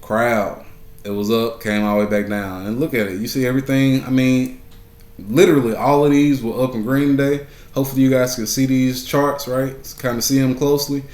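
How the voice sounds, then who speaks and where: A man talking through his trading day in an easygoing way. His voice sits at an ordinary pitch, and he keeps checking in with "right?" and says key points twice. The room around him is noticeably echoey. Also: fairly even intonation, brisk, a little mellow. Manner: conversational, keeps asking "right?", repeats phrases for emphasis. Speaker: stock market vlogger. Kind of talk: casual market recap.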